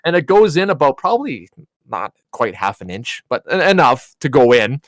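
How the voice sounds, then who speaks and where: A man co-hosting a podcast, telling a story in a casual, animated way. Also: mid-range voice, moderate pace, no echo. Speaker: podcast co-host.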